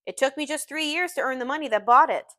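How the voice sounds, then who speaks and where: A woman's voice: high-pitched, quick pace, sharp tone, pitched above the performer's own voice. A woman reading as an anxious, grandiose young rich man. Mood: elated. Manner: urgent, fretful, then beaming.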